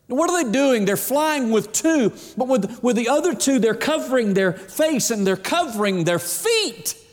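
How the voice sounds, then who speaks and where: A middle-aged man preaching a sermon in an animated way, acting out the voices of God and of people. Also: very high voice, unhurried, in a large hall.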